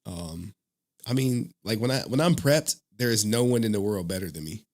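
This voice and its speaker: A man with a fairly low voice runs a loose, casual live stream. He rambles from one thought to the next and breaks into laughter as he answers his viewers. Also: animated, moderate pace, a little mellow. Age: adult father of a young child. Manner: rambling, laughs often, talks to chat.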